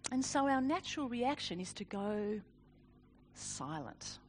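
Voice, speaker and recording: Lively high-voiced woman preaching. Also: a little slow, a little hiss or hum. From Australia. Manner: animated, self-deprecating, laughs often. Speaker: speaker. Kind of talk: sermon with personal story.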